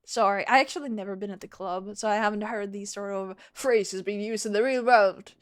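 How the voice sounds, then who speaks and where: A woman's voice: medium pitch, a little fast. A woman live streamer chatting casually with her viewers and telling a rambling story, laughing often.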